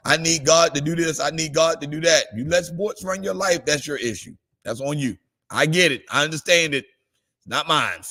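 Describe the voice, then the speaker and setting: Pastor guy doing a morning devotional, kinda high voice, gets fired up. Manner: preachy, shifts between calm reading and excited high exclamations.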